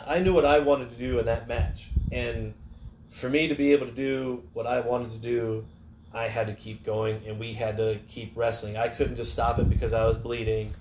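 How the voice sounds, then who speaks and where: A man and podcast co-host telling a wrestling story in casual talk, animated and swearing freely. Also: mid-range voice, moderate pace. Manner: animated, swears freely, loud when acting out scenes. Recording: roomy studio with faint hiss.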